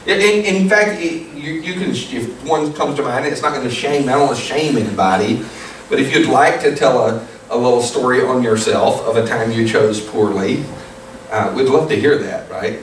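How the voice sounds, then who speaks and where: A man preaching a sermon as pastor, telling a story in a relaxed, conversational way and putting questions to his congregation. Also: medium pitch, normal speed, a little hiss or hum. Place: church sanctuary. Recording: echoey hall, distant mic, room ambience.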